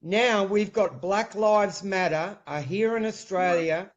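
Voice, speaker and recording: An earnest man with a New Zealand accent joins as a guest over a video call and often says mate. His voice sits high, and the audio sounds muffled and lo-fi. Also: slow pace. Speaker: livestream guest. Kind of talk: casual call-in chat.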